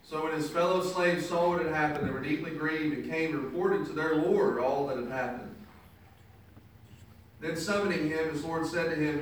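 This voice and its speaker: A man's voice: a little high, moderate pace, a little hiss or hum. A man preaching a sermon, reading scripture verses and then explaining them in his own words with emphasis. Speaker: pastor. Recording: echoey room picked up from a distance.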